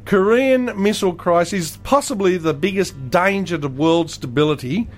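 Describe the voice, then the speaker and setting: A man's voice: high-pitched, animated, normal speed. A man hosting a casual comedy talk show, ranting bluntly and crudely. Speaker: radio show host.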